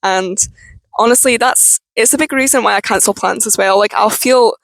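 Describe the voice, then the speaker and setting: A young woman with a Scottish accent, talking frankly and haltingly in a personal vlog. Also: fairly high pitch, creaky, no echo, poor audio. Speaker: vlogger.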